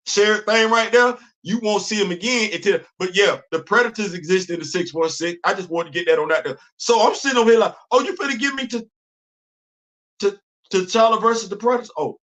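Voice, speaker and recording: A man hosting a show, talking in a casual, animated monologue and acting out imagined conversations in informal African American Vernacular English. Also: sits high, a little fast. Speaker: host.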